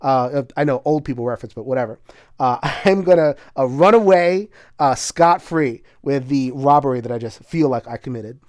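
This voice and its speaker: A man's voice: on the high side, darkish tone, dry recording, clean studio sound. A man casually talking through a solo board game, chatty and full of filler words, bursting into laughter now and then. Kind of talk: casual solo playthrough commentary.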